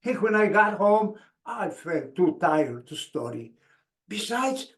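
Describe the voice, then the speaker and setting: A man, giving an expressive motivational speech with dramatic pauses. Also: sits high. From Mexico. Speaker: speaker. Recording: echoey room.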